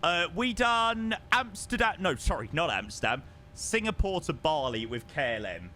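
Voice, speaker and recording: Young guy streaming a flight sim, chatty, bright voice that jumps all over. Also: on the high side, normal speed, faint music behind. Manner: chatty, excitable, self-mocking.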